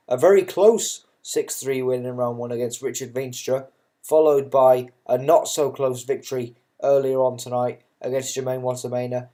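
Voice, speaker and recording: A man's voice: medium pitch, warm tone. A man giving casual, unscripted darts commentary, chatty and self-mocking, who swears freely and drifts into ranting asides.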